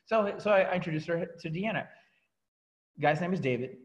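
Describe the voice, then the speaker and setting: A man giving a motivational talk to a coaching team, telling his story in an animated way and often restarting his sentences. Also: high-pitched, a little fast, low-quality recording. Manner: animated storytelling, repeats words and restarts, laughs at himself.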